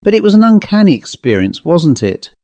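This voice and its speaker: A man's voice: a little high, sing-song, brisk, warm tone, no echo, muffled recording, pitched above the performer's own voice. A man doing a boastful, teasing young clerk. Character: boastful, fanciful young male office clerk.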